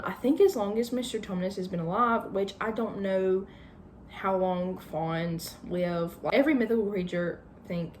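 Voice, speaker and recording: Brief: chatty woman, low-ish voice, casual plot summary, lots of "like" and "I think". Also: darkish tone, slight background noise. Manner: chatty, hedging with fillers. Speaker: book channel host.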